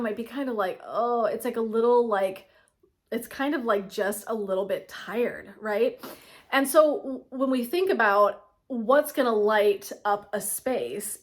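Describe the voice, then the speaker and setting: A middle-aged woman coaching in a casual, motivational talk to camera, chatty and quick to laugh, checking in often with "right?". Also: fairly high pitch. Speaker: women's wellness coach.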